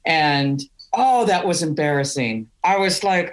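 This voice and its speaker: A woman's voice: low-pitched, animated, a little slow. A middle-aged woman from Wisconsin, a podcast guest telling candid stories with laughs. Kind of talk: storytelling interview.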